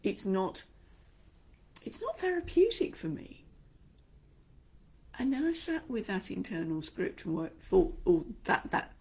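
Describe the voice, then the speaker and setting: Aussie lady voice coach, husky and a bit gravelly, acts out the voices in your head. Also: medium pitch, measured pace, long pauses. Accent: Australian. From Australia. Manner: expressive, demonstrates by acting out inner voices. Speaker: speaking coach. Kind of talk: online speaking lesson.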